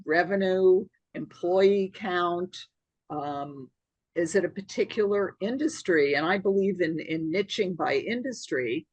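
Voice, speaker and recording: A woman's voice: on the low side, measured pace, no echo, muffled recording. A woman, a guest on a podcast, methodically explaining how to find sales prospects with concrete examples. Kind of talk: conversational podcast interview.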